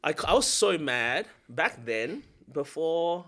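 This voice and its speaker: A man's voice: a little high, slow pace. A man with an Australian accent, chatting casually as a podcast co-host and telling stories with animation. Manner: animated storyteller, laughs through his stories.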